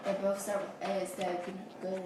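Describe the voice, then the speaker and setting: A woman's voice: mid-range voice, monotone, fairly quick, very noisy. A woman teasing friends in casual chat, heard from across a kitchen. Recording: distant, very echoey, loud clatter of dishes.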